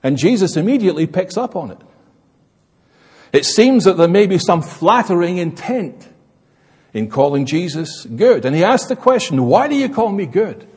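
A male preacher explains scripture with emphatic, animated delivery. His voice is slightly high and breathy and swings widely in pitch. A long reverb from a large hall trails each phrase. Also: normal speed. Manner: emphatic, expository. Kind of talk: sermon.

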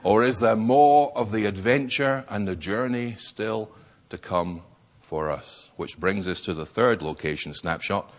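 A man's voice: fairly low pitch, a little slow. A man preaching a sermon, stressing key words and posing rhetorical questions.

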